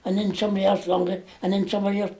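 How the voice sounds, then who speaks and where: A man's voice: high voice, level tone, very fast, mellow, a little hiss or hum. A man, recounting memories in an interview, rambling with plenty of fillers. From England. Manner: rambling, dialect grammar, many fillers. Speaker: war veteran interviewee.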